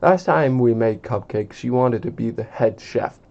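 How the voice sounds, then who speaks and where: A man's voice: mid-range voice, measured pace, vocal fry, darkish tone. A man reading the lines of a bossy little girl, indignant and self-important, on a dull lo-fi recording.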